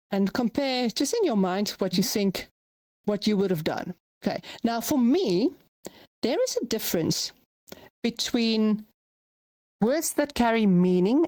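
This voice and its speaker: A woman's voice: mid-range voice, a little mellow, no room sound. A woman from South Africa teaching a voice-over workshop, explaining in a conversational way and checking in with "right?" and "okay?". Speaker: voice-over coach. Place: virtual reality platform session.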